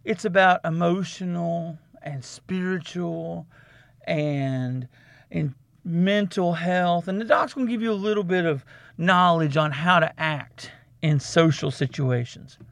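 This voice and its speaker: Gravelly high-voiced man lecturing. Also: fairly bright tone, dry recording, studio quality. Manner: calls himself "the Doc" in the third person, lecturing; repeats himself, drawn-out emphasis. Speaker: podcast host. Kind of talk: comic advice monologue.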